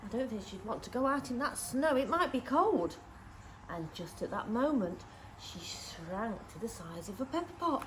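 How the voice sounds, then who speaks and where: A woman's voice: a little high, sing-song, normal speed, fairly bright tone, slight background noise, rough recording. A woman, a nursery teacher, reading a storybook aloud to young children, with lots of gasps and questions to the little ones.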